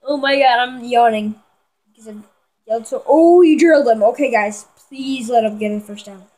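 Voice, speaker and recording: A woman giving excitable live commentary on a football video game, talking to her viewers and yelling at big plays. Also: on the high side, moderate pace, low-quality recording. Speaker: gamer.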